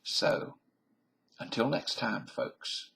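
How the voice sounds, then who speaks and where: A man's voice: extremely slow, bright, forceful tone. A Canadian-born man with a Southern US accent, talking to the camera in a folksy, meandering, self-mocking ramble. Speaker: vlogger. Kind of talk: rambling casual monologue.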